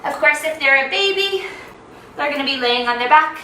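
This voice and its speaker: A woman's voice: high-pitched, animated, normal speed, sharp tone, reverberant, distant mic, slight background noise, poor audio. A young woman leading a children's yoga lesson, playful and sing-song, making animal sounds as she teaches.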